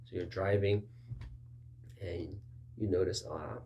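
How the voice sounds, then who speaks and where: A man gives a relaxed, conversational sermon in a lowish voice. He keeps slipping into short acted dialogues, lifting his pitch for the other side. A faint hum sits underneath the recording. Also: a little slow, long pauses. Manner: conversational, acts out both sides of dialogues with raised pitch. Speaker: pastor.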